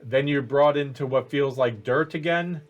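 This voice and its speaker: A man narrating as game master of a tabletop game, in a halting way with many fillers. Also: medium pitch, highs cut off.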